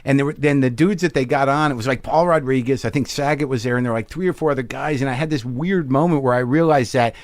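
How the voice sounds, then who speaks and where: A man's voice: medium pitch, quick pace, hardly any pauses, dry recording. A man hosting a podcast, talking reflectively with many fillers. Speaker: podcast host. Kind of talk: casual conversation.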